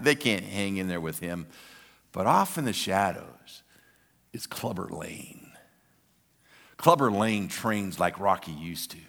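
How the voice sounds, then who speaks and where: A man preaching a sermon, telling a story with lively acted-out shouts and hummed music. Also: fairly low pitch, big-room sound. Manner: animated, acts out scenes with shouts and hummed theme.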